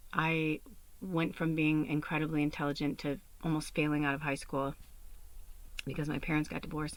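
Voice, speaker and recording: A woman's voice: low-pitched, dry recording. A woman from Chicago hosting a podcast, telling her own story in a candid, rambling way, full of fillers and casual swearing. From Chicago, USA. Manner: rambling, confessional, lots of "like" and "you know", swears freely. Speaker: podcast host and spiritual medium.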